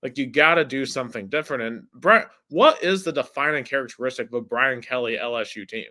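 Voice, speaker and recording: A man's voice: medium pitch, a little fast, sharp tone. A man hosting a casual sports podcast, chatty and filling his talk with "like". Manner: chatty, heavy use of "like". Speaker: podcast host.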